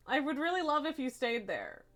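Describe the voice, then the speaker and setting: A woman's voice: high-pitched, big pitch swings, normal speed, a bit bright, faint music behind. A woman streaming live, chatting casually and cooing and scolding her pets in baby talk. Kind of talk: casual livestream chat.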